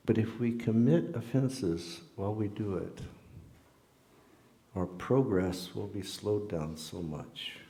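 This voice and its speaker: A man delivering a sermon in a temple hall, his voice low and mellow. He tells stories and voices each person in them as he goes. The sound is roomy and echoing. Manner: storytelling, acting out quoted dialogue. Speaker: temple lecturer. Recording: echoey hall.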